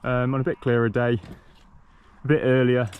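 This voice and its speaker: A man's voice: mid-range voice, level tone, moderate pace, clear, resonant tone, narrow, tinny audio. A man chatting casually as he walks an outdoor trail, easygoing, with frequent ums and restarts. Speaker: vlogger walking a long-distance trail. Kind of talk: casual walking vlog commentary.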